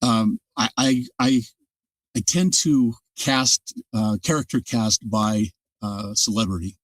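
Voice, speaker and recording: Older male narrator as guest, low-voiced, thoughtful explainer, mic a little distant, dry sound. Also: takes it slowly, no room sound. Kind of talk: casual interview talk.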